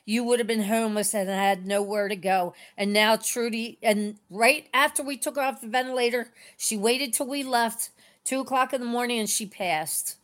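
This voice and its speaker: A middle-aged woman talks on a call-in faith program with a voice pitched a little above average. She rambles and circles back through her story in a tender, unpolished way. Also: normal speed, fairly bright tone. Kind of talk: casual emotional storytelling.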